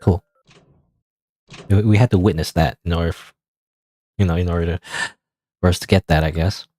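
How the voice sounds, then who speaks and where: A man's voice: sits low, fairly even intonation, moderate pace, mellow. A man streaming a game, chatting and musing about what he finds, with frequent self-corrections. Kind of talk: gameplay commentary. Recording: faint game music behind.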